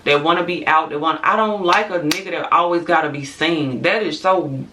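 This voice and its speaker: A woman vlogger speaks her mind in a casual, unfiltered rant, swearing freely and dropping quick asides to her viewers. Her voice is bright and clear in tone. She sits a little back from the microphone. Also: sits low, distant mic, slight background noise. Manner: blunt, profane, candid, with frequent asides and laughs. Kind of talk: casual opinion rant to camera.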